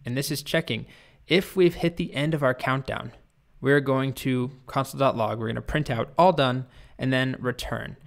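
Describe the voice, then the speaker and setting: A man's voice: mid-range voice, moderate pace, gravelly. A young adult man teaching programming in a casual, playful and conversational way. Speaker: programming instructor. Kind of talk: casual coding lesson with storytelling.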